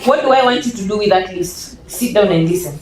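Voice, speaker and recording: A Kenyan woman in her thirties addresses parents at an event with lively energy. She slips into children's voices to make her points. Her voice rings out in a roomy hall. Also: mid-range voice, fairly quick, crowd noise. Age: 30s. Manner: animated, acts out children's voices, mixes English and Swahili. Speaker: parenting panel speaker. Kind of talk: lively workshop talk to an audience.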